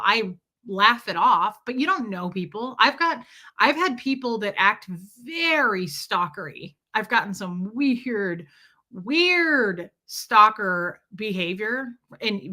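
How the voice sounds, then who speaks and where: A woman's voice: mid-range voice, pushed and bright. A woman hosting a casual live stream, rambling through a personal story and greeting viewers by name as their chat comes in. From lives in Tennessee.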